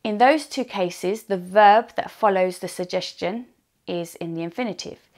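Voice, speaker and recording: A woman teaching an online English lesson, slowly and deliberately repeating example phrases. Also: mid-range voice.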